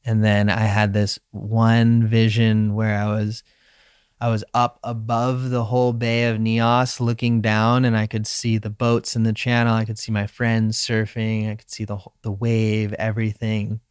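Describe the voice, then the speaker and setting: Relaxed young surfer man, smooth voice. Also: lowish voice, measured pace, no room sound, clean studio sound. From Hawaii. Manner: relaxed, reflective, acts out his own inner voice. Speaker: professional surfer, guest. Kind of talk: casual interview storytelling.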